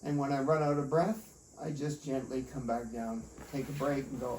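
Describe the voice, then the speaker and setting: A man's voice: medium pitch, level tone, normal speed, a little mellow. A man leading an exercise demonstration at home, in a chatty, folksy way with jokey asides to himself. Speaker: fitness instructor. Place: at home in a bedroom and by a doorway. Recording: echoey room, distant mic, faint hiss.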